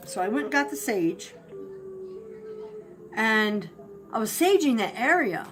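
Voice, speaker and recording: Woman, higher voice, lively storyteller, ghost tale, faint music behind. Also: unhurried, long pauses. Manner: animated, acts out barks and shouts. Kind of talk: casual spoken ghost story.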